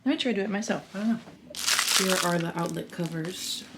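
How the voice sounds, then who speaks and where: A woman's voice: mid-range voice, brisk, heavy background noise. A young woman talking casually on a home vlog, thinking aloud as she works around the house. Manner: chatty, thinking aloud while working. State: out of breath at times. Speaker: vlogger. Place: at home, moving through rooms. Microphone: handheld camera.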